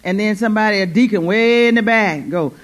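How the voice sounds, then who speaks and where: A woman's voice: medium pitch, brisk. Woman, preacher, church sermon, fervent, repetitive, call-and-response. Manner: fervent, repeats phrases, call-and-response "Amen?". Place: church service.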